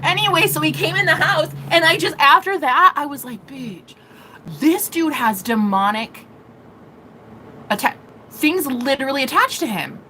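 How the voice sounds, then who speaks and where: Young woman vlogger, bright, lively delivery, swears casually, faint room noise. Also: sits high, a little slow, poor audio. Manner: animated, profane, laughing often. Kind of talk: casual storytelling to camera.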